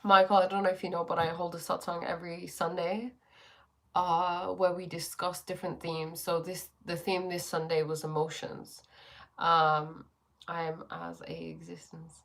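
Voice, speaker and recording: A woman's voice: lowish voice, normal speed, fairly bright tone. A woman hosting a casual spiritual livestream from her bedroom. She speaks reflectively, with a sore throat, greeting viewers and using many fillers.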